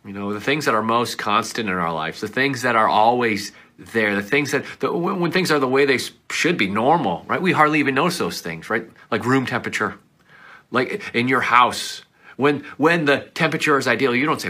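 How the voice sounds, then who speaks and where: Earnest male preacher, bright forceful voice. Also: mid-range voice, animated, fairly quick. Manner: earnest, dramatic shifts between loud pleading and soft whispers. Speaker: pastor. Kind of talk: sermon.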